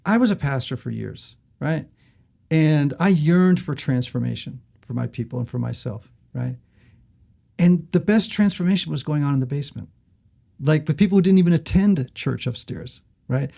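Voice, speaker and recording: Gravelly, lively middle-aged male author. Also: a little high, normal speed. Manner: lively, acts out voices in anecdotes. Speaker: author and podcast guest. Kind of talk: animated storytelling in conversation.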